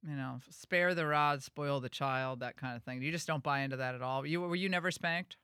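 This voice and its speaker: A woman hosts a talk radio show in a lively, casual way, tossing in quick asides. Her voice is bright and forward. The studio sound is dry and close. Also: very deep voice, clean tone, dry recording. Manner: chatty, animated, quick asides and restarts.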